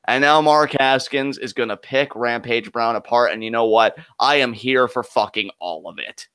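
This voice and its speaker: A man's voice: medium pitch, a little slow, pushed and bright, smooth, no echo, studio quality. A man co-hosting a live wrestling reaction, ranting with heated, profane fan commentary. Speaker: co-host of wrestling reaction show.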